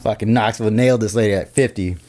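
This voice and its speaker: Guy on a podcast mic, low-ish voice, swearing a lot, really animated telling his story. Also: fast talker. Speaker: podcast guest. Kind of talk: casual storytelling chat. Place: podcast studio. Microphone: studio podcast mic.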